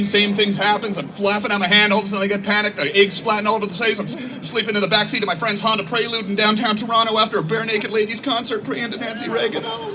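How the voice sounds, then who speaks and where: A man in his thirties doing a rambling stand-up comedy set for troops, acting out voices and swearing a lot. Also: sits high. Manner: rambling storytelling, acts out voices, frequent swearing. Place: outdoor military base show. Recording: far-off mic, noisy open-air ambience.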